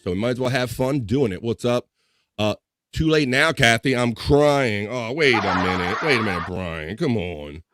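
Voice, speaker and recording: A man's voice: medium pitch, lively intonation, normal speed, noisy background. A man hosting a casual livestream, joking loosely and reading viewer comments aloud. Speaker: livestream host. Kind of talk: casual live chat.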